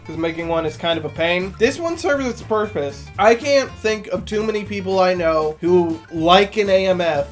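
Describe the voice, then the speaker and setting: A man giving casual, blunt taste-test commentary as a streamer, sarcastic and swearing freely. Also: sits high. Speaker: streamer taste-testing canned cocktails.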